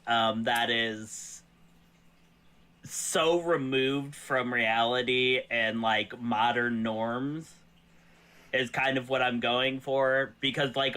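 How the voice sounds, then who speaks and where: A man's voice: medium pitch, bright, forceful tone. A man from the US South chatting casually as a guest, rambling loosely with many fillers. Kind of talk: casual chat.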